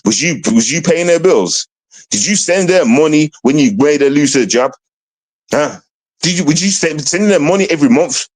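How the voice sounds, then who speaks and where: A man chats on a live stream in a taunting, profane way. His pitch swings widely as he talks. The sound is dry and close, with no room behind him. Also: moderate pace, dry recording. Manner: taunting, lively, swears a lot. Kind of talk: casual stream chat.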